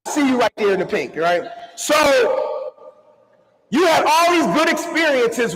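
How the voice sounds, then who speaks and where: A man giving an energetic motivational keynote to a live crowd, calling on the audience to answer and move along with him. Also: high voice. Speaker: motivational speaker. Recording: long hall reverb.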